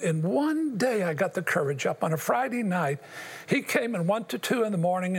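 An older man shares his life story in an earnest, emotional way, speaking straight to the host. His voice sits high for a man and has a rough, husky grain. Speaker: interview guest. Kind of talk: personal testimony.

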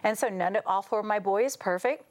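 A middle-aged American woman, a talk show guest, telling stories with lively quoted voices and frequent laughter. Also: mid-range voice, fairly quick. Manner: animated, acts out quotes, laughs often. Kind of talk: casual talk show storytelling.

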